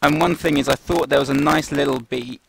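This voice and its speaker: A man's voice: medium pitch, steady tone, fairly quick, gravelly, a bit bright, husky. A man casually talking through an animation shot as a tutor, restarting sentences as he explains. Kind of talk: live tutorial walkthrough.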